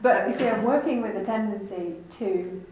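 A woman's voice: medium pitch, normal speed, darkish tone. A woman asking a teacher a personal spiritual question, earnest and self-reflective. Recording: echoey hall, faint noise.

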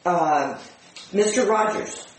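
A woman's voice: on the low side, expressive, takes it slowly. A woman speaking thoughtfully in a reflective spiritual group discussion, explaining her ideas. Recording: echoey room, distant mic, faint hiss.

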